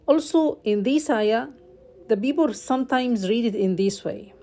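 Slow, mellow-voiced woman teaching recitation. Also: fairly high pitch, lively intonation. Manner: slow, drawn-out, corrective, repeats sounds.

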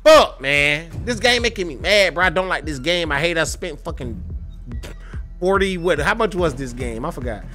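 A man's voice: a little high, animated, normal speed, soft background music. A young man streaming a fighting game, cursing, trash-talking enemies and venting frustration to chat, with speech. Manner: profane, trash-talking and frustrated, with loud outbursts. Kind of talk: gameplay livestream commentary.

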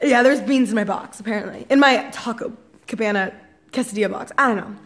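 Young woman, high voice, vlogger, chatty, exasperated, lots of "like". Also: brisk, poor audio. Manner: chatty and exasperated, heavy use of "like". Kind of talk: casual storytelling to camera.

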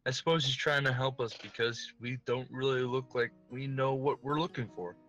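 A man's voice: medium pitch, normal speed, fairly bright tone, soft background music, rough recording. A man hosting a let's play, reading visual novel narration aloud in a casual, giggly way with joking asides.

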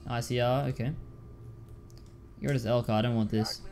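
A man's voice: mid-range voice, fairly even intonation, a little fast, a little mellow. A man giving casual commentary while playing a video game, repeating himself and calling listeners dude and man. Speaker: gaming YouTuber.

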